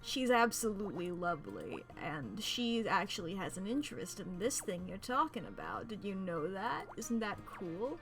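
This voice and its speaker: A woman voicing a rumpled middle-aged male detective with a put-on Bronx accent, pushing her voice down into a strained, gravelly low register and drawling in a folksy, self-pleased way. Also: big pitch swings, moderate pace, hardly any pauses, music in the background.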